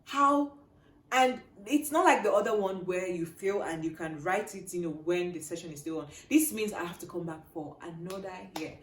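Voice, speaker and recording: A young woman telling a personal story to her viewers, shifting between hushed and loud, animated delivery. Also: fairly low pitch, fairly quick, few pauses, roomy sound. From Nigeria. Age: young adult. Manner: animated, swings from quiet to loud. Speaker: vlogger.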